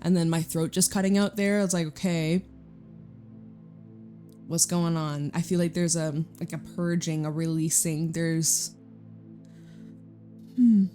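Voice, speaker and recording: A woman's voice: low-pitched, fairly even intonation, unhurried, long pauses, mellow, faint music behind. A young Canadian woman giving a casual, chatty tarot reading, stretching out emphatic phrases. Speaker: tarot reader. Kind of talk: intuitive tarot reading to camera.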